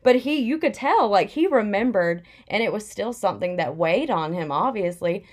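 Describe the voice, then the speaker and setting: A woman's voice: mid-range voice, expressive, normal speed. A young woman in casual chat, telling a personal story candidly with plenty of "like" fillers.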